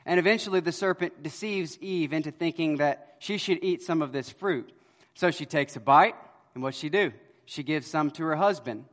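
A man preaching an expository sermon with a slightly raised voice. He swings from emphatic, loud lines to hushed ones as he tells his stories. The sound carries a long church-hall reverb. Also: moderate pace. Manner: storytelling, swings between loud emphasis and quiet low lines.

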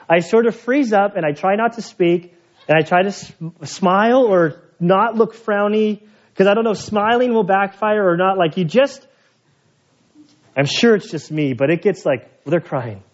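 A man preaching an expository sermon in a church, conversational with joking asides. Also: high voice. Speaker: pastor. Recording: dull lo-fi sermon recording.

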